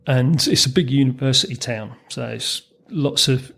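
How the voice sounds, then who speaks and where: A man's voice: medium pitch, normal speed, gravelly, fairly bright tone, slightly rough. A man, a former racing mechanic telling anecdotes as a podcast guest, chuckling through his stories with frequent ums and restarts. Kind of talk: storytelling in a podcast interview.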